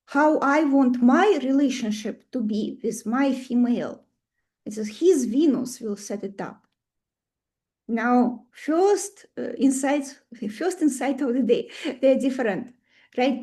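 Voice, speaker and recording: A woman's voice: high-pitched, mellow. A woman with a Russian accent teaching an online astrology class. She talks in a chatty way and keeps asking the class questions.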